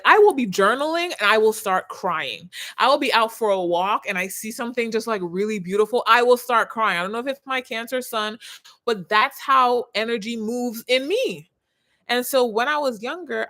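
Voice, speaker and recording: A woman in her thirties, a personal branding coach, talking on a live stream in an expressive way that swings from soft to loud. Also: fairly high pitch.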